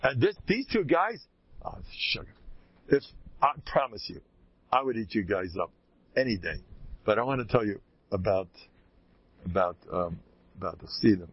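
A man, a rabbi, giving an informal Torah talk to a live audience, animated and folksy, often leaping high in pitch for emphasis. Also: moderate pace, long pauses, slightly rough. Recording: dull lo-fi recording.

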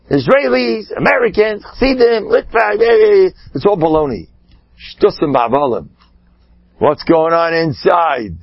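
A rabbi giving an animated sermon, swinging between shouting and hushed asides, with Yiddish and Hebrew words woven in. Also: male voice, high-pitched, dry recording, lo-fi sound. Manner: peppers speech with Yiddish and Hebrew terms. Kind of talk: sermon storytelling.

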